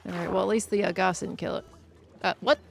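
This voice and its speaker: A woman's voice: mid-range voice, steady tone, fast talker, gravelly, faint music behind. A woman chatting casually on a gameplay livestream, reading viewer messages aloud and answering them as she plays. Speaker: streamer.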